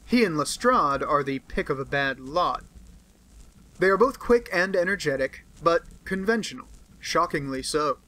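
A man voicing an aloof, brusque male detective in an audiobook, speaking in a crisp, lecturing manner. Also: fairly high pitch, lively intonation, moderate pace, bright, forceful tone, low-quality recording. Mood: offhand. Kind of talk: audiobook character reading.

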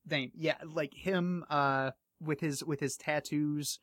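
A man hosting an interview, eager and rambling, with a voice that is wearing thin. He sits a little above the usual male pitch, recorded dry and close with no room in the sound. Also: fairly even intonation, slow, fairly bright tone, no room sound. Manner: rambling, eager, thinks aloud. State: losing his voice. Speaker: podcast host interviewing an author. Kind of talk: casual interview chat.

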